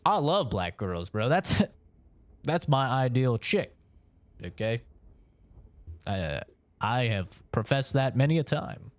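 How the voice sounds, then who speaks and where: A man's voice: mid-range voice, very animated, slow, pauses often, dry recording. A young man from Oregon, chatting casually with his stream chat in a rambling, profane way, laughing between points.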